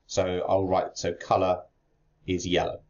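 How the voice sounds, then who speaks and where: A man's voice: sits low, completely flat delivery, measured pace, darkish tone. A man teaching chemistry exam technique, explaining step by step while he writes out a worked answer. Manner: explains step by step while writing, with fillers and restarts. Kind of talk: exam-prep lesson walking through a worked answer. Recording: slightly dull lo-fi audio.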